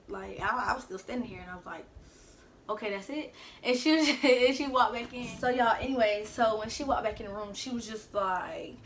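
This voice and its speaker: A woman's voice: mid-range voice, a bit bright, a little hiss or hum. A young woman from the American South telling a personal story casually into her phone in her bedroom, chatting to viewers and acting out quotes. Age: young adult. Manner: chatty, addresses viewers as y'all, acts out quotes. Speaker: vlogger.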